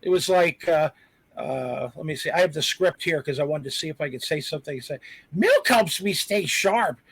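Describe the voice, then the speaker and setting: A man's voice: a little high, brisk, breathy edge, no room sound. A man who acts, chatting casually on a panel in a self-deprecating, rambling way. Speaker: actor guest on a panel.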